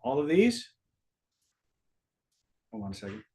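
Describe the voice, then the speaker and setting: A man's voice: medium pitch, wildly swooping pitch, measured pace, mellow. A middle-aged man teaching a live online master class in a casual way, swearing freely and quizzing his audience.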